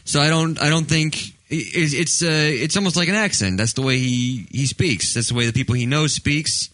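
A man co-hosting an internet radio show in casual banter, often halting and restarting his sentences. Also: a little high, fairly bright tone, no echo. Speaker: co-host.

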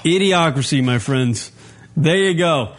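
A male radio show host ranting in a loud, profane way and repeating himself as he goes. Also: fairly high pitch, expressive, a little slow. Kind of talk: brash profane radio rant.

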